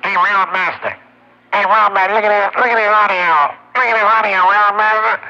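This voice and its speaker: A man imitating a fellow trucker whose radio transmission sounds garbled, repeating himself in a shrill voice. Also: fairly even intonation, fairly quick, bright, forceful tone, muffled recording, exaggerated voice. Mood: mock-excited. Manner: mimicking, shrill, repetitive.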